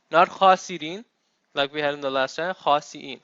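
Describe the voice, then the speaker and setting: In a dull, dry classroom recording with no room sound, a male Arabic teacher races through his lecture with a fairly high, bright, forceful voice. He still explains step by step and checks in with his students.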